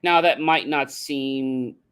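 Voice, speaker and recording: A man's voice: mid-range voice, fairly even intonation, slow, a bit bright, smooth. Emphatic man giving a motivational talk. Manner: emphatic, addresses audience directly; repeats catchphrases in a chant. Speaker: motivational speaker.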